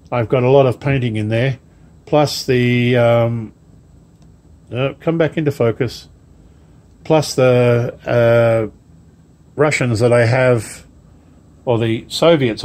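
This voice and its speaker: Slow, rambling man chatting to camera. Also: medium pitch. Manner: rambling, slow, many ums and asides. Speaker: wargaming hobby vlogger. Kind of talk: casual unboxing chat to camera.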